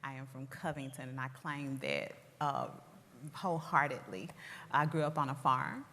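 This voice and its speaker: A woman's voice: very deep voice, sharp tone. A woman in her forties with a Southern US accent from Tennessee, speaking as a school superintendent in an earnest, proud interview conversation. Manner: earnest, proud, measured storytelling. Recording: long hall reverb.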